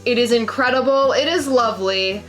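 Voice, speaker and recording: A woman's voice: a little high, normal speed, faint music behind, lightly acted. A woman putting on a stiff female newscaster voice to read a product announcement. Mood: mock-formal. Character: stiff female TV news anchor. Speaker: co-host. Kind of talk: mock newscaster voice.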